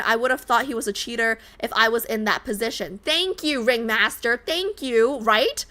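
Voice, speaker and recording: A woman's voice: on the high side, moderate pace, few pauses, pushed and bright. A young woman streamer reacting to a game, ranting animatedly and exasperated, on a desk mic at home.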